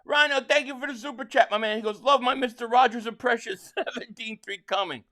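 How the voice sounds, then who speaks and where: A man from Philadelphia hosting a live football watch-along, excitably calling plays and reading viewer chats, stammering on restarts. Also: extremely high pitch, brisk. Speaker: livestream host and fan.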